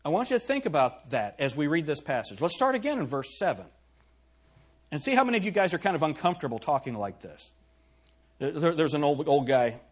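Here a male preacher delivers his sermon a little fast, his slightly rough voice a little high and very animated. He puts questions to the congregation and reads scripture aloud in old-fashioned language, all with strong emphasis.

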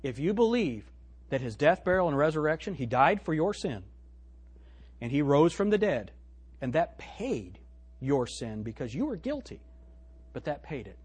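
Animated male pastor, slightly high and husky, sermon delivery. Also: moderate pace, pauses often. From United States. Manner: animated preaching, swinging from loud to hushed; quotes scripture in old-fashioned wording.

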